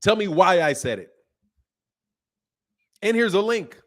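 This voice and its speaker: A man hosting a boxing channel, chatting casually and reading viewer comments aloud, animated and emphatic with slangy talk and frequent laughs. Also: high voice, measured pace.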